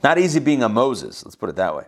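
A man's voice: mid-range voice, very animated, fast. A man teaching a Bible passage, reading verses aloud and breaking in with casual explanations and asides. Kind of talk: reading scripture with commentary.

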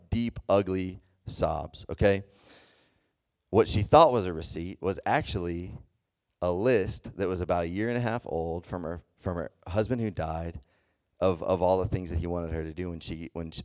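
A man's voice: deep voice, darkish tone, no room sound, studio quality. A man preaching a casual sermon to a youth group, talking loosely and often checking in with his listeners. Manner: conversational, checks in often with "okay?" and "does that make sense?"; loose and chatty, with many fillers and restarts.

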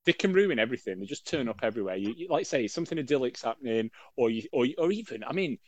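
A man's voice: medium pitch, animated, rapid-fire, no room sound. A middle-aged man co-hosting a casual podcast, rambling and joking with lots of fillers and self-corrections. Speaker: podcast co-host. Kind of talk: casual chat.

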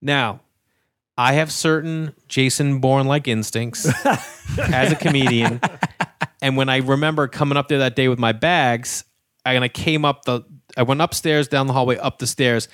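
Animated man telling a story, dry close sound. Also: medium pitch, moderate pace, dry recording. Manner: animated, acts out every voice in the story. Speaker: guest comedian. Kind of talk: casual storytelling on a podcast.

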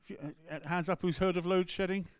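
A man's voice: sits high, fairly even intonation, fast talker, clean tone, dry recording. A man with an English accent, a rector preaching a sermon in a conversational, storytelling way. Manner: storytelling, conversational, acts out quotes. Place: church.

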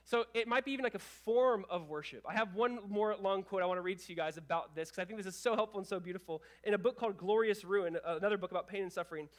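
High-voiced pastor preaching earnestly. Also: male voice, fast talker, hardly any pauses. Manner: earnest, conversational preaching with many restarts and "like"s; swings from hushed, low passages to raised, emphatic ones. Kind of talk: sermon.

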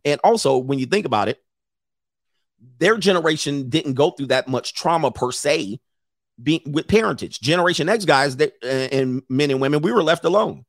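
Gravelly and a touch high, a middle-aged man's voice moves at a moderate pace as he reads an article and riffs on it with crude, offhand remarks. He laughs frequently, speaks bluntly, and breaks into animated, mocking impressions, all captured dry with studio quality.

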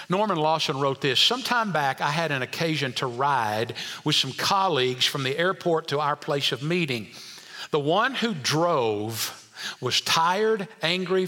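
A male pastor preaching a sermon, dropping to quiet asides and climbing to emphatic points while questioning the congregation. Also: fairly high pitch, big-room sound.

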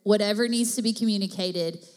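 A woman's voice: mid-range voice, fairly quick, a little mellow. Chatty woman speaking in a church hall. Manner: chatty, encouraging asides. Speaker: pastor's wife, co-speaker. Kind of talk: sermon with couple's banter. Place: church auditorium. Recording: long reverb of a church hall.

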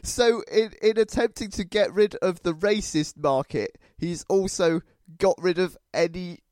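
A man's voice: high-pitched, a little slow, darkish tone, no echo, clean studio sound. A man co-hosting a comedy review podcast, chatting in a playful, punning, slightly hesitant way. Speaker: podcast co-host. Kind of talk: casual review chat.

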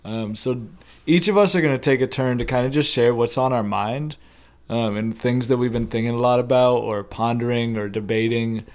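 A young adult man co-hosting a casual podcast, talking in a halting way with many ums and restarts. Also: medium pitch, steady tone, darkish tone. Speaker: podcast co-host.

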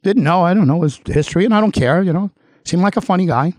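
A man's voice: high voice, expressive, fast talker, a little mellow, no room sound. A middle-aged man with a Long Island accent hosting a political commentary show, delivering a heated monologue with emphatic repetition and addressing his targets directly.

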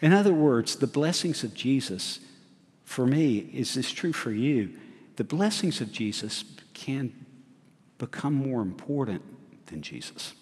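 Man, middle-aged, pastor, sermon, lively rising and falling delivery, asks the congregation questions, long church reverb. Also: mid-range voice, measured pace. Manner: animated preacher, asks the congregation questions, laughs at himself. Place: church sanctuary.

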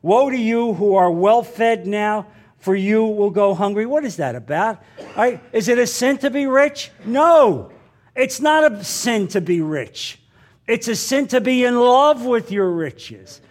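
A man's voice: high voice, lively intonation, a little slow. A man preaching a sermon in an emphatic way, repeating lines and putting questions to his listeners. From New Jersey.

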